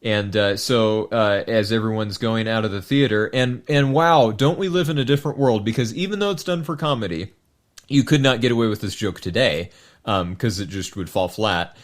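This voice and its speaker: Casual male podcast co-host, low-ish voice, loose and rambling delivery. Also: normal speed. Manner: rambling, hesitant, many fillers. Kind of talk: casual film discussion.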